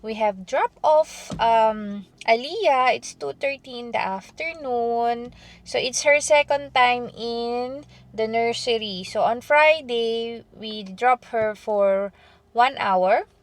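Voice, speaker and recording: A woman's voice: a little high, takes it slowly. A young woman from the Philippines with a Filipino accent, a mother vlogging in a sing-song, coaxing way and switching between Tagalog and English. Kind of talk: family vlog, baby talk and chatty narration.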